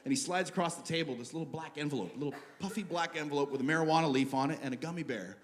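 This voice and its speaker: Canadian stand-up guy on a stage mic, high bouncy voice, crowd noise behind him. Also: racing. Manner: animated, mocking, asides to the crowd. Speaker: stand-up comedian. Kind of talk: stand-up comedy set. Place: comedy stage before a live audience. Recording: live show with audience noise.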